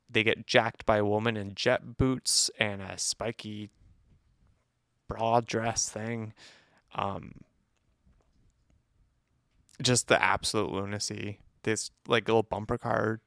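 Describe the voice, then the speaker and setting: Gravelly man teasing on a podcast. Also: on the low side, steady tone, fairly bright tone, no room sound, studio quality. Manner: playful, teasing, quick to laugh. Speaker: podcast co-host. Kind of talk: casual chat, movie review.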